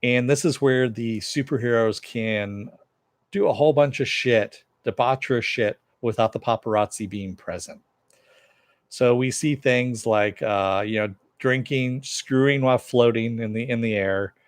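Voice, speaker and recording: A man's voice: medium pitch, measured pace, no room sound, clean studio sound. A man giving a casual, rambling recap of a TV episode, full of fillers and asides to viewer chat. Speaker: TV show reviewer.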